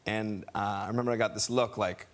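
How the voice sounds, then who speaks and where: A man in his thirties, a guest on a television talk show, telling an excited, rambling story with many restarts. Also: fairly low pitch, quick pace. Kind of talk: casual anecdote. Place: television studio.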